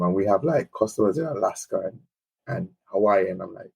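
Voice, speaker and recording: Husky Jamaican man telling customer stories. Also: low voice, animated, fairly quick, darkish tone, low-quality recording. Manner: enthusiastic anecdotes about customers. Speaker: business founder, guest. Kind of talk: casual conversational interview.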